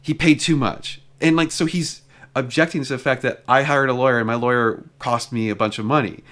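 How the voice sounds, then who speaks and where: A man's voice: mid-range voice, fairly even intonation, a little fast, a bit bright. A man vlogging in a casual storytelling style, talking chattily and peppering his retelling with "like". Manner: chatty, retells exchanges with lots of "like" fillers. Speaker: car vlogger.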